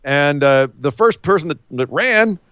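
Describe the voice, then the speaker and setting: A man co-hosting a casual wrestling recap chat, animated and acting out scenes in silly voices. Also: on the high side, measured pace, smooth, no room sound, muffled recording. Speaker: podcast co-host.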